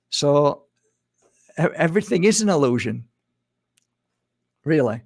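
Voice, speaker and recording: A man with a gravelly, creaky edge to his mid-pitched voice, talking through spiritual ideas in an easygoing, repetitive way. The sound is close and dry, with no room around him. Now and then he mimics other people in quick asides. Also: no room sound. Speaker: spiritual speaker. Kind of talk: reflective spiritual monologue.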